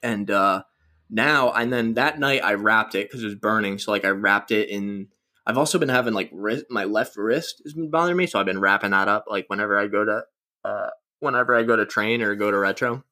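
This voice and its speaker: Bright-voiced young man rambling crudely. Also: fairly low pitch, fairly quick. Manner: rambling, crude joking, self-mocking. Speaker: podcast host. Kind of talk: casual solo podcast chat.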